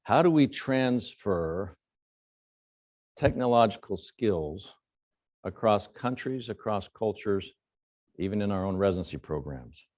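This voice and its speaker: Man, middle-aged, surgeon, conference lecture, storytelling, low voice, dry sound. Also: unhurried, pauses often, no room sound. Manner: storytelling, animated quotes, frequent fillers. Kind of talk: conference talk with anecdotes.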